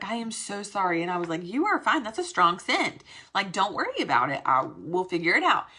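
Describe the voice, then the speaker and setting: A woman's voice: fairly low pitch, sharp tone. A young woman, slightly out of breath, giving her sales team a chatty, rambling pep talk. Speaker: direct sales consultant.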